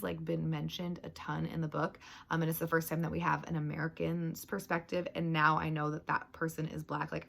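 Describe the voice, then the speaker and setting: A woman's voice: deep voice, gravelly, fairly bright tone, slightly rough. A woman chatting casually about her reading plans, rambling with lots of "like" and "um". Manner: rambling, full of "like" and "um". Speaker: book vlogger.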